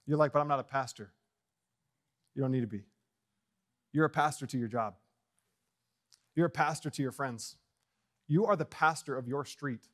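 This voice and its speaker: A man preaching a sermon as pastor in a church, bold and fiery, swinging from loud proclamations to quiet asides and jokes with the congregation. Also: medium pitch, normal speed, long pauses. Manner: joking with the congregation. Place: church sanctuary.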